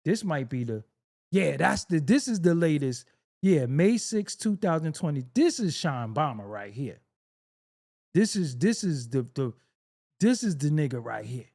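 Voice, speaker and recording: A man's voice: a little high, very animated, a little slow, vocal fry, a little mellow. A man hosting a casual reaction video, joking, laughing often and swearing freely as he comments on clips.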